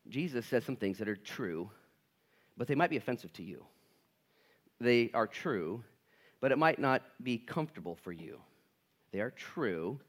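A male pastor preaching a sermon in a church, talking casually and acting out little scenes in quoted voices. His pitch swoops widely as he jumps from hushed asides to loud, excited lines. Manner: animated, acts out quoted dialogue, casual slang. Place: church sanctuary.

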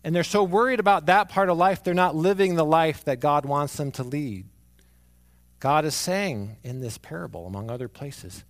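A man preaching a sermon, moving from hushed, near-whispered lines to emphatic ones as he tells stories about his young son. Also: a little high, moderate pace. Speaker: pastor.

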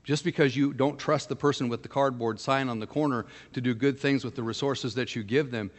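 A man's voice: medium pitch, fairly even intonation, fairly quick, long reverb tail. A man preaching a sermon as pastor, telling a personal story in a frank, conversational way.

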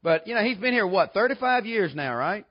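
A man, easygoing and quick to joke between points. His voice sits high for a man. The church recording is a little muffled and dull. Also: expressive. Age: 40s. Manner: folksy, joking storyteller. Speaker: guest preacher. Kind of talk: revival sermon. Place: church sanctuary.

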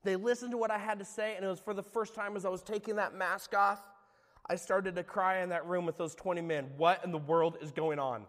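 Male pastor, middle-aged, high voice; confessional sermon testimony, loud to hushed, church-hall reverb. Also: steady tone, fairly quick. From California. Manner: earnest, confessional, swings between loud and hushed. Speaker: guest speaker, former youth pastor.

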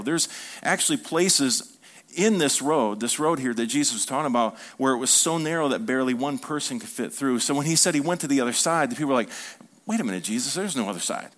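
In a mid-range voice, a male pastor gives an animated sermon, acting out dialogue he quotes and drawing responses from the congregation.

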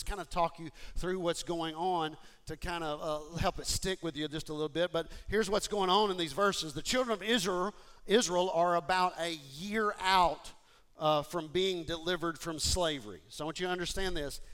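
A man preaching a relaxed, conversational sermon, talking straight to his listeners in a lively way with frequent restarts. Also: sits high, smooth. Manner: animated, talks straight to listeners, many restarts.

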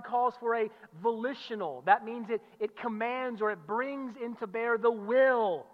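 A male pastor preaching an expository sermon, emphatic, repeating key phrases and swinging from loud declarations to low, quiet asides. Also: unhurried, few pauses. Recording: muffled sound with long hall reverb.

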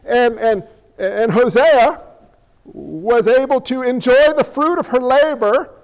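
A pastor preaches in a conversational, joking way, tossing questions out to the congregation. His voice sits very high for a man, light and reedy. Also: slow, highs cut off. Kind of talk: sermon.

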